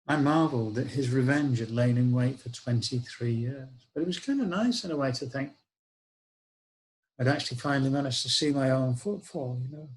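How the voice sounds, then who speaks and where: A man's voice: mid-range voice, normal speed, low-quality recording. An older man tells a personal story. His delivery is wry, reflective and conversational, like spoken-word storytelling. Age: 60s.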